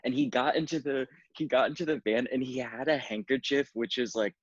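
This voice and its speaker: A man's voice: mid-range voice, fairly quick, no room sound. A man guesting on a recap show, chatting casually in a sarcastic, dishy way, on a dull lo-fi recording. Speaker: guest co-host. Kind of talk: casual chat.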